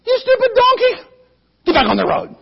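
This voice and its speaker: A man playing an angry, greedy male prophet, shouting and blustering. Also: high-pitched, big pitch swings, normal speed, husky, muffled recording, heavily acted. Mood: furious.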